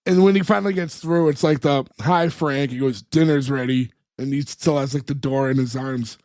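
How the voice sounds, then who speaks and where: A man's voice: medium pitch, moderate pace, a little mellow, no echo, clean studio sound. A man co-hosting a casual podcast, recapping a sitcom episode and acting out the characters' lines as he goes. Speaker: podcast co-host.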